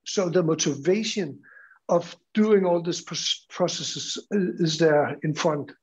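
A man's voice: on the high side, measured pace, a little mellow, breathy edge, highs cut off. A man with a Danish accent gives a conference talk about his school, hesitant and full of fillers and restarts. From Denmark. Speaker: school teacher presenting at a conference.

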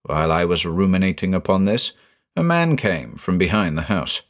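A man narrating a ghost story in a measured, expressive storytelling style. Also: sits low. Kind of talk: scripted audiobook narration.

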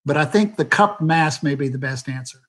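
Rambling man, higher voice, on a video call. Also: moderate pace, fairly bright tone. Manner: rambling, candid, many fillers. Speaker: theater sound designer. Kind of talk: panel talk on a video call.

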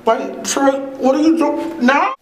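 A woman's voice: high-pitched, slow pace, faint music behind. A woman gushing with overexcited, breathless enthusiasm. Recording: echoey room.

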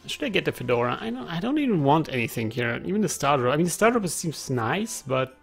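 A man's voice: on the high side, very animated, fast talker, vocal fry, husky, soft background music. A man giving casual let's play commentary, chatty, thinking aloud and reading game text aloud.

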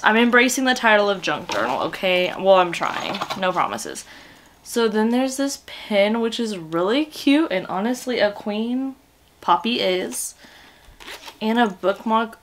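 A young woman, a book vlogger and teacher, chatting excitedly and gushing as she unboxes book mail. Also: medium pitch, a little hiss or hum. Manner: gushing, excitable, swearing with joy. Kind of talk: casual vlog chat while unboxing.

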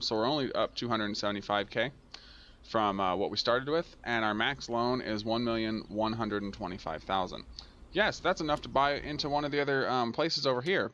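A gaming channel host does casual let's-play commentary on a transport tycoon game, grumbling and scolding it aloud when things go wrong. His voice is mid-range and a bit bright. The recording is muffled, with a little hiss or hum.

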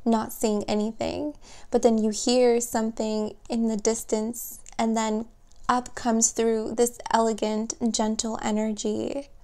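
A woman giving a spoken tarot reading, gentle and emotional, speaking softly and warmly to her viewers. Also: on the high side, little pitch movement. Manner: slow, soft, gentle and emotional. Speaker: tarot reader.

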